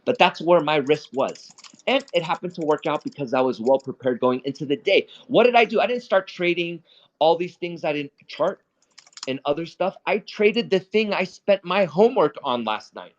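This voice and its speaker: A man's voice: fairly high pitch, animated, normal speed. A man hosting a casual live trading talk, blunt and profane, who often repeats and restarts his words. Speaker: stock trading host. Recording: dull lo-fi audio.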